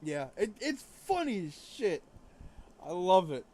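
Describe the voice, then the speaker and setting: A man's voice: high voice, very animated, unhurried, darkish tone. A young man streaming a game, telling a rambling story full of fillers. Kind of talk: casual gaming stream chat.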